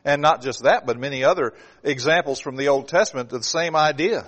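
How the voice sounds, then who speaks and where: Pastor preaching with dynamic swings. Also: male voice, a little fast. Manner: dynamic preaching, swings from loud emphasis to low hushed asides. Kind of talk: sermon.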